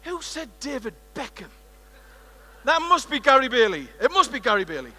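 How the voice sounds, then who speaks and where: A British man from the United Kingdom giving a lively, playful keynote on stage in a large conference hall, working the crowd as he tells a story. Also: extremely high pitch, normal speed. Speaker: keynote speaker.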